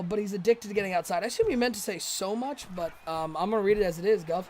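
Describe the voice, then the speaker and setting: A man doing chatty, excitable play-by-play commentary for a live stream, joking with viewers in chat. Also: sits high, fast talker, few pauses.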